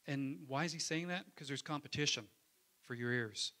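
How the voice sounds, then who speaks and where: A man preaching a Sunday sermon in church. His voice is bright and forward, and he keeps it conversational, calling out to the congregation for an amen. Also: mid-range voice, moderate pace. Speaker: pastor.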